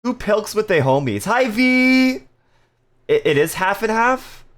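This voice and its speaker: A man's voice: high-pitched, very animated, a little slow, a bit bright. A man casually chatting on a live stream, reading viewer messages aloud with playful jokes and frequent laughter. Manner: laughs often.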